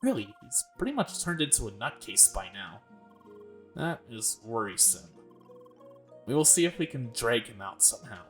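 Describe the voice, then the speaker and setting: Man, let's play host, reads game dialogue aloud, plain delivery, chats between lines, middle pitch, faint music behind. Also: very animated, moderate pace, a bit bright.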